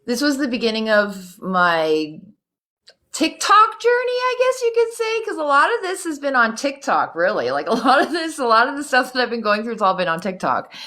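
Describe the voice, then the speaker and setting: A woman hosting a casual spiritual chat, telling stories in a lively way, swearing freely and laughing often. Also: a little high, normal speed. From Canada. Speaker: host.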